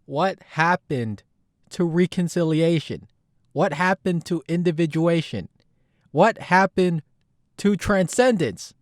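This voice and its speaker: A man's voice: on the high side, takes it slowly, no room sound, voice pushed up. A man voicing an angry old male psychologist back from the dead, ranting and cursing with indignation. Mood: exasperated. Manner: shouting, profane, indignant.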